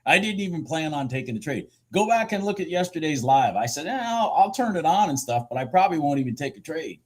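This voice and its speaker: A husky-voiced man talks through his trades live from his desk, his pitch swinging widely as he gets excited. He swears casually and mutters to himself between remarks to viewers. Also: fast. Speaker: futures trader streaming live. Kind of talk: live trading commentary.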